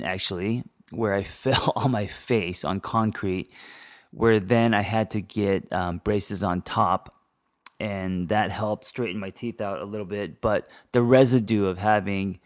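A man in his forties from Los Angeles with a slight lisp from braces, hosting a casual, rambling podcast monologue full of ums. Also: on the low side. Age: 40s. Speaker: therapist and podcast host.

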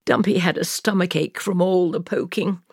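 A woman host reading a children's picture book aloud, expressive and playful with sound effects. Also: on the low side, moderate pace, slightly rough, no room sound, studio quality. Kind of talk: children's storybook read-aloud.

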